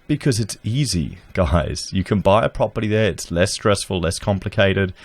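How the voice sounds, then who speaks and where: A sarcastic man talks straight to his viewers, reading news aloud and then picking it apart. His voice sits on the low side. It is close on a desk mic, dry, with no room sound. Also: animated, normal speed, dry recording. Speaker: commentary channel host. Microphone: desk podcast mic.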